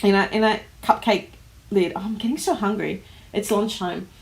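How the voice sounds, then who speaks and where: Woman, Australian accent, casual livestream chat, animated, laughs a lot, home office. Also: medium pitch, moderate pace, gravelly. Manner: chatty, animated, laughs often, many fillers. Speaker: host of a planner livestream.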